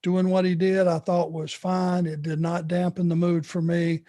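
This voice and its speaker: Laughing through his tales, an older man who used to wrestle answers fan questions with casual wrestling stories. He speaks at a moderate pace in a high, level voice with a dark tone.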